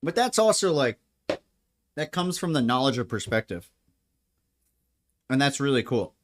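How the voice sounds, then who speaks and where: A man talking loosely while he cooks at home, drifting between thoughts with jokes and frequent laughter. His voice sits at a middle pitch, and his delivery is casual and unscripted. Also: very animated, moderate pace, a little hiss or hum. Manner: rambling, joking, laughs often. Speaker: home cook. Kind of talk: casual chat while cooking. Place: home kitchen.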